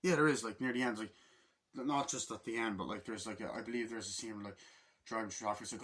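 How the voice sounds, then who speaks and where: A man reviewing a film in casual, breathless talk, cursing at every turn and jumping into the action. His voice is bright and strained, with a husky, slightly rough texture. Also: fairly low pitch, fast talker. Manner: excitable and heavily profane, acts out scenes in loud impressions. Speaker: movie reviewer.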